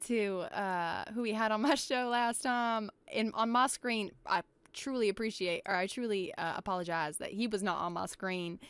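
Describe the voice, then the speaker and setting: A woman's voice: mid-range voice, a bit bright, clean tone, dry recording. A young woman chatting and giggling as a news anchor in a game voice-chat roleplay. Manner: chatty, giggly and quick to react.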